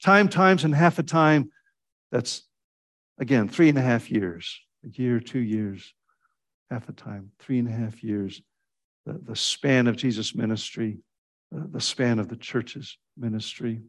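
Man preaching an animated sermon. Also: a little slow. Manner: animated storytelling with sudden pitch jumps when quoting; fillers and restarts, conversational preaching.

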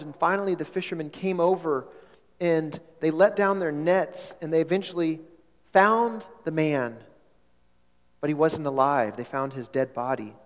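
A man's voice: on the high side, normal speed. A male pastor telling a story in a sermon, with a conversational delivery that repeats words and asks the congregation questions. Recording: long hall reverb.

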